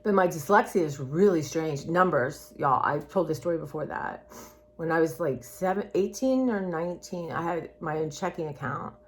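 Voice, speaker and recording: Talking to camera in a relaxed way, a woman vlogger in her sixties wanders from thought to thought and addresses her audience as y'all. She has a deep voice and speaks at a normal pace.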